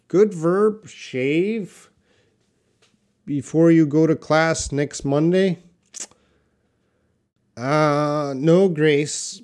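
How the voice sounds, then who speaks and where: A man teaching English on a live stream, reading out viewers' questions and explaining words slowly and patiently. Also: medium pitch, a little mellow, smooth. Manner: slow, patient, drawn-out explanations; reads viewer questions aloud. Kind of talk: live-stream English class answering chat.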